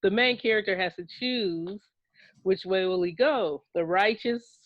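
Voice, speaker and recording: A woman's voice: medium pitch, a little slow, dry recording. A woman hosting a casual movie review chat, taking her time and laughing as she corrects herself. The recording sounds a little dull and lo-fi. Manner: loose, laughing, self-correcting. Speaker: podcast co-host.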